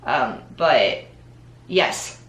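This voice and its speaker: Speaking in an extremely low, expressive voice that is slightly bright, a young woman draws out her words in a reverberant space. She is a Disney College Program vlogger chatting casually, peppering her speech with "um" and "like."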